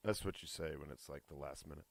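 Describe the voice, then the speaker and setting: A man co-hosting a podcast, laid-back and halting in casual chat. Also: rumbling low, gravelly, no room sound. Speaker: podcast co-host.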